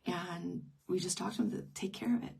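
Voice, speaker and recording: A woman's voice: fairly low pitch, fairly quick, creaky, darkish tone, breathy edge, recorded from a distance. A middle-aged woman telling a personal story in an unscripted live stream, intimate and emotional, often dropping to a whisper. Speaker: grief teacher.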